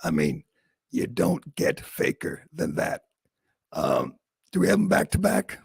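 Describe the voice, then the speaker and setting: A man's voice: fairly high pitch, wildly swooping pitch, creaky, breathy edge, dry recording, clean studio sound. A man hosting a talk show, delivering sarcastic, mocking political commentary. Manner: sarcastic, mocking, quick asides with laughs. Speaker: talk radio host.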